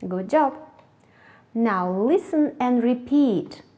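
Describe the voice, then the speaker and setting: A woman leads an English lesson for young pupils. Her voice sits a little high and she talks very slowly, setting out every word with clear, deliberate care. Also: animated, dark tone, faint music behind. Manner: slow, clear, deliberate pronunciation drills. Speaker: English teacher. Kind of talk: classroom instruction. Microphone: TV lesson voice-over.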